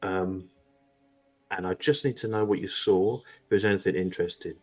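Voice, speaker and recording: A calm investigator coaxing a frightened witness, his voice low and unhurried, as a man voices him. He talks softly and patiently. Faint music runs underneath. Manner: gentle, coaxing, slow. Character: calm, soothing male investigator with vials.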